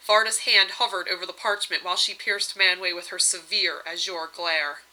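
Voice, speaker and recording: Bright woman reading a story aloud. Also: on the low side, fairly even intonation, normal speed, poor audio. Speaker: reader. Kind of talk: storybook narration.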